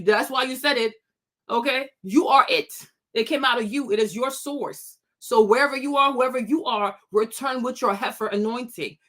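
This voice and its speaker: A woman's voice: on the high side, fairly bright tone. A woman hosting her own commentary channel, scolding and mocking critics in a sassy, unscripted rant full of laughter.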